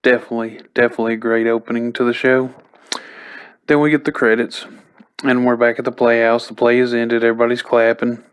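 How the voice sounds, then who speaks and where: A man's voice: medium pitch, little pitch movement, fairly quick, smooth. A man giving a casual spoken recap as a TV episode reviewer, chatty and loose, with lots of "like" and "you know".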